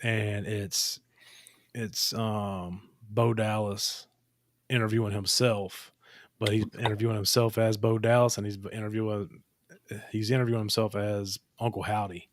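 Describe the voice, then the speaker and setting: A man's voice: on the low side, flat delivery, unhurried, no room sound, clean studio sound. A man in his thirties co-hosting a podcast, telling loose, profane, rambling stories in casual chat. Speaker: podcast co-host.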